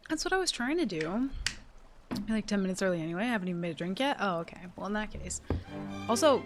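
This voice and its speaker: A woman's voice: medium pitch, sing-song, fast, over loud music. A woman live streaming from her desk at home, chatting casually to viewers in an exasperated, rambling way and swearing a lot.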